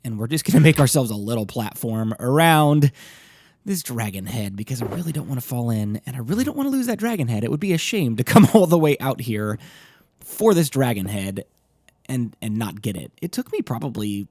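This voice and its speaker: A young man hosting a Let's Play, narrating his own gameplay in a chatty, casual way, with a slightly rough morning voice. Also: mid-range voice, big pitch swings, brisk, a little mellow, dry recording.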